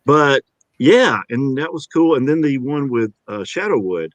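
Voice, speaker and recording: A man with a Georgia accent talks in an easygoing, chatty way as an interview guest. His voice sits at an average pitch, and the recording is dry, with almost no room sound. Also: lively intonation, a little slow, no room sound. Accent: Georgia, US South. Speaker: voice actor guest. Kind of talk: casual interview talk.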